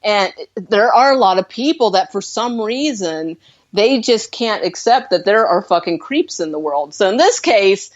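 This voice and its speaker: A woman's voice: mid-range voice, a little slow, highs cut off. A woman co-hosting a movie podcast, chatting casually and acting out quoted lines. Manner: animated, acts out quoted lines. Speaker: podcast co-host. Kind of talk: casual movie review chat.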